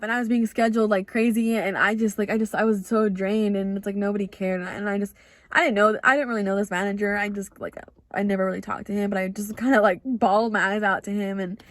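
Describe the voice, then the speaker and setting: This young podcast host tells a confessional personal story in a casual style, constantly using "like" and acting out things she once said. Her mid-range voice is fast yet fairly even in intonation, in a studio-quality recording with no room sound.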